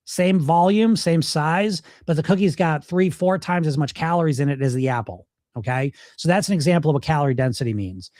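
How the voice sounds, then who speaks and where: A man's voice: on the high side, brisk, hardly any pauses, a little mellow, no room sound, clean studio sound. A middle-aged man coaching viewers on weight loss in a casual live Q&A, blunt and emphatic, swearing freely.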